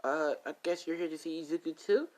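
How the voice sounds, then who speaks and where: A man voicing a shy, flustered teenage girl who stammers in a high voice. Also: brisk, a little mellow, a little hiss or hum, lightly acted. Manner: nervous, stammering, high-pitched.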